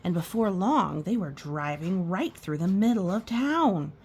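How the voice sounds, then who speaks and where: Brief: a woman reading a children's picture book aloud, animated, pointing out pictures, unhurried delivery. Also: on the low side, slight background noise. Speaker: storytime reader.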